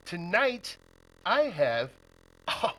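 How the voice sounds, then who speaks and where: A man's voice: high voice, big pitch swings, very slow, a bit bright, rough recording. A man from Nebraska hosting a podcast, chatting casually and laughing often with his guest. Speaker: podcast host. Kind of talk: casual interview chat.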